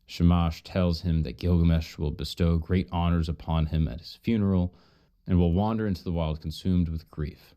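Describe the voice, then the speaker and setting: A man's voice: sits low, steady tone, moderate pace, dark tone, clear, resonant tone. A man streaming while he retells an old myth in a casual, profane, joking way, full of asides.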